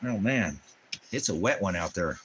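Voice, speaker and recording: Rambling, profane channel host with a low voice and faint room noise behind him. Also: male voice, expressive, normal speed, fairly bright tone. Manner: baby talk to his dog. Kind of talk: casual livestream chat.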